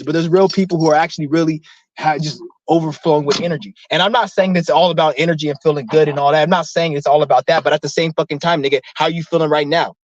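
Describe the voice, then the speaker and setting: A man's voice: a little high, no room sound. A man ranting casually to camera, rambling and emphatic, swearing a lot. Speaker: vlogger preaching breatharianism. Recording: dull lo-fi dry sound.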